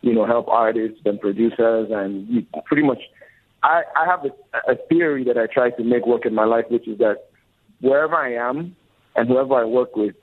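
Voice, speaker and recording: In casual interview talk, a record label co-founder in his forties speaks earnestly and reflectively as a guest. His voice sits in the mid-range and moves at a normal speed. The audio is dull and lo-fi, with faint music underneath.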